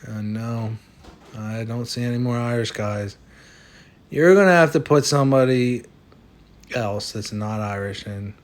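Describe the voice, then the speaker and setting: A man speaking in a dry, skeptical tone, questioning the other voice in a comic sketch. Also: mid-range voice. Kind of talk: comic sketch over a fantasy lineup.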